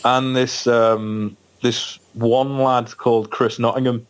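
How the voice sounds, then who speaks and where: A man from England, a band member guesting on a podcast, telling a story in a rambling, halting way with lots of fillers and restarts. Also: mid-range voice, flat delivery, clear, resonant tone. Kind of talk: casual podcast anecdote.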